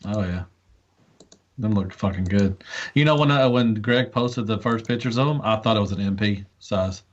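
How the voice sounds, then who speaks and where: A man's voice: fairly low pitch, moderate pace. A man co-hosting a casual podcast chat, enthusiastic and rambling with restarts. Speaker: podcast co-host. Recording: dull lo-fi audio.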